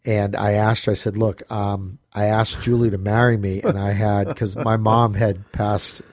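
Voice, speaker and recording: A man's voice: on the low side, little pitch movement, normal speed, a little mellow, no room sound, studio quality. A man in casual chat, telling a long personal story in a rambling way. He swears freely and laughs through it.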